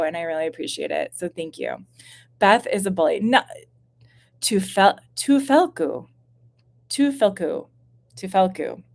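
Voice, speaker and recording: A woman in her thirties hosting a casual live stream from home, chatty and self-deprecating, rambling with fillers and a bit stuffy from postnasal drip. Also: medium pitch. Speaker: YouTube channel host. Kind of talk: casual live-stream chat reading viewer questions.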